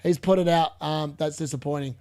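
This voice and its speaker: High-voiced excitable man. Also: a little fast. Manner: excitable, bursts into shouts at near misses; chatty, muttering asides between reactions. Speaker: fantasy football streamer. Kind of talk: live watch-along commentary.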